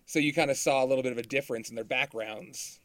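A man in a casual podcast chat, calmly explaining a point. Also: mid-range voice, quick pace, no room sound.

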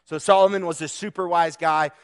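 A man's voice: fairly high pitch, steady tone, fairly quick, creaky, clean tone. A man preaching a casual, conversational sermon to a young audience, joking with them and restarting his sentences.

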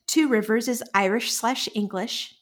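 A woman's voice: on the high side, unhurried. A woman co-hosting a podcast in casual chat, dry and teasing. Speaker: podcast co-host.

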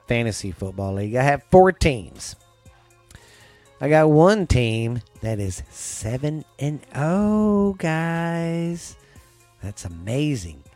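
A man's voice: medium pitch, dry recording. A man with a Southern US accent hosting a casual sports podcast, rambling loosely through his picks and swearing now and then. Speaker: podcast host.

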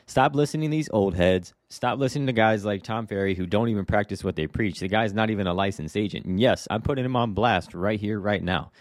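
Man, low deep voice, blunt casual podcast rant, rhetorical questions, dry close recording. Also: no echo. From Hawaii. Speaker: podcast host, real estate agent. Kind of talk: casual solo podcast monologue.

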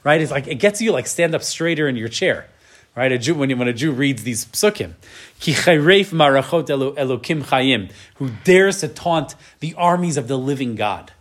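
In a Bible class, a male teacher with a medium-pitched voice reads Hebrew verses at normal speed, then explains them in English. His delivery is lively, and he often asks the class "right?" to check they're following.

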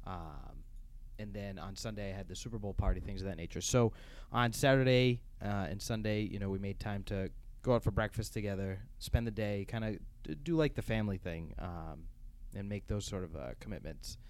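Relaxed young man with low voice. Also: fairly quick, hardly any pauses. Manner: relaxed, rambling with many fillers. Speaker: podcast co-host. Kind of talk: casual podcast chat.

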